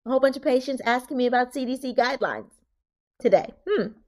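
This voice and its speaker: A woman co-hosting a podcast who works in healthcare, explaining things in a plain, emphatic, animated way. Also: high voice, fast. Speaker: podcast co-host, healthcare worker. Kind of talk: casual podcast chat.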